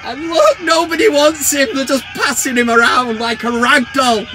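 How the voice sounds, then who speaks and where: An English man hosting a football fan vlog, talking to camera in an animated, sarcastic rant and swearing freely. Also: extremely high pitch, moderate pace, over music.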